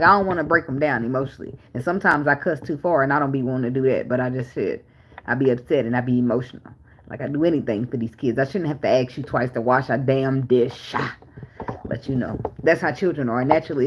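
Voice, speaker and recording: A woman's voice: low-pitched, slightly rough, poor audio. A woman, giving a tarot reading as casual talk, blunt and profane, full of rhetorical questions. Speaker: tarot reader. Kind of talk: casual spiritual reading and rant.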